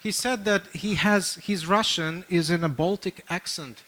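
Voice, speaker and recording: A man's voice: high-pitched, measured pace, pushed and bright. A man moderating a panel discussion, hesitant with many fillers and joking asides.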